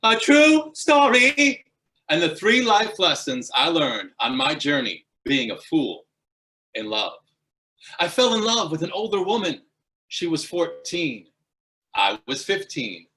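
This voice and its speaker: Animated man giving a funny speech. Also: a little high, unhurried. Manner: animated, punchline-driven storytelling. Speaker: guest speaker. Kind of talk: humorous club speech.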